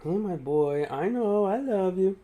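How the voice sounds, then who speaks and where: Pitched high and a little slow, this mellow male voice has lively intonation. He's a tired streamer giving loose, chatty commentary on live gameplay, reading out and answering chat between frequent laughs.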